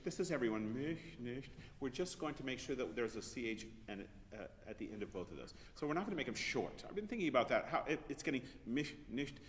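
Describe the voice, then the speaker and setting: A man coaching a choir in rehearsal, giving precise, encouraging diction corrections. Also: medium pitch. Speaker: choir conductor. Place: large rehearsal hall with choir. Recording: reverberant rehearsal hall with faint noise.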